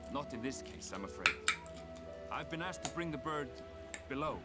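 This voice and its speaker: A man voicing a polite male gleaner with an Eastern European accent, speaking in a measured, courteous way. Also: medium pitch, lively intonation, close to an everyday voice. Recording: game audio with music.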